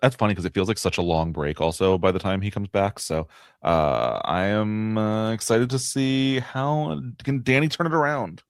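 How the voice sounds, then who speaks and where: A man's voice: lowish voice, moderate pace, smooth, dry recording, studio quality. A man co-hosting a podcast, chatting in a laid-back way and laughing easily. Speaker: podcast co-host. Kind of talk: casual podcast recap chat.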